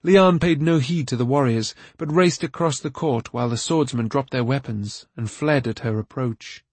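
A man narrating a fantasy novel aloud in a steady, even storytelling manner. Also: medium pitch, normal speed, slightly rough, no room sound. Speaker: audiobook narrator. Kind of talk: scripted narration.

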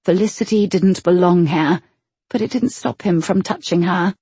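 A woman narrating a romance audiobook in a slow, sensual manner. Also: fairly low pitch, warm tone, breathy edge, no echo.

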